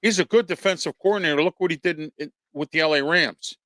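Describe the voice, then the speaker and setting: A man's voice: fairly high pitch, fast, a bit bright, no room sound. A man hosting a casual football talk stream, blunt and rambling with lots of fillers. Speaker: sports show host.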